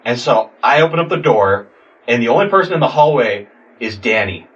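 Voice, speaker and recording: A young man casually telling a story, animated, acting out voices and swearing a lot. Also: mid-range voice, a little fast, dull audio. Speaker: podcast guest telling a story. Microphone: sitting far from the mic. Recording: distant mic in a room.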